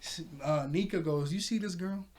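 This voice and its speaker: A man's voice: high voice, normal speed, darkish tone. A man casually recapping a cartoon episode, laughing often and acting out the characters' lines. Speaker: episode reviewer. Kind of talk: casual recap with quoted voices.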